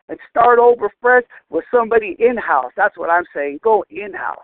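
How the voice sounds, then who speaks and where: Angry male caller, profane rant, high voice, tinny phone line. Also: lively intonation, moderate pace, creaky, few pauses, no room sound. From Southern California. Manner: ranting, profane, frustrated.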